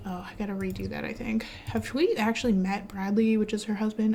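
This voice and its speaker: With a medium-pitched voice and a brisk pace, a woman hosts her gaming channel, chatting casually over gameplay, laughing often and getting excited. Slight background noise can be heard.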